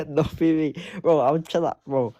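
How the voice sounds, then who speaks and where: A man's voice: a little high, slow, no room sound, clean studio sound. A man from Manchester calling in to a livestream, rambling in slang in a mock-serious, trolling way. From Manchester, England. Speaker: caller. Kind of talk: trolling call-in banter.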